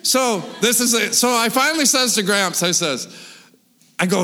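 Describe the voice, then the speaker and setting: A high-pitched, bright-voiced man tells a wild story in a casual, animated way, with lots of swearing and sound effects. His voice carries a long reverb from a big hall. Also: normal speed.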